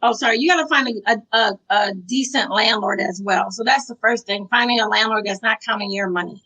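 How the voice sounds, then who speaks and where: Bright-voiced woman, fairly high. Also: fairly quick, poor audio. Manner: adds details and finishes her partner's points. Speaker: guest, sober home operator. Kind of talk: casual podcast talk.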